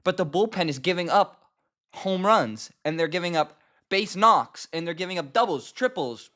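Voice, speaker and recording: Exasperated young man ranting, slightly high voice. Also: lively intonation, normal speed, pushed and bright. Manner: exasperated, emphatic, repeats himself. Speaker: host of a fan sports channel. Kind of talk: casual ranting commentary.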